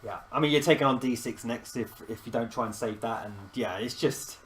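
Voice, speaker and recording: A man's voice: medium pitch, a little fast, a little hiss or hum. A man hosting a live chess stream, talking casually and self-deprecatingly, often laughing as he thinks aloud.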